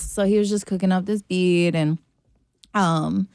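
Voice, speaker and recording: A woman musician telling a casual radio interview story in a lively way, acting out her own quotes. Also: on the low side, measured pace, dry recording, studio quality. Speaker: musician guest. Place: radio studio.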